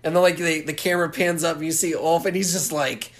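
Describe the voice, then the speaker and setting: A co-host casually recapping a film, talking in halting runs full of restarts and fillers. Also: mid-range voice, fairly even intonation. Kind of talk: casual movie recap chat.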